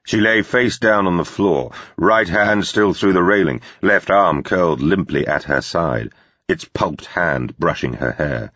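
Very deep, husky male audiobook narrator. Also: measured pace, a bit bright, no echo. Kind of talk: scripted narration of a thriller. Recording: dull, slightly lo-fi recording.

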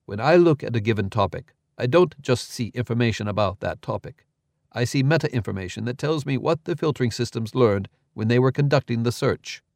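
A level-headed man lays out his reasoning in a steady, matter-of-fact way, as voiced by a male narrator. The read is dry and close, with no room around it. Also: mid-range voice, a little fast, gravelly, no room sound. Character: calm, precise, lecturing man.

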